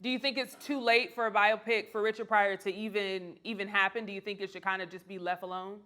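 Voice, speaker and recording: Bright-voiced woman hosting a news show. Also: medium pitch, steady tone. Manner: brisk, steering the panel with questions. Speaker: host.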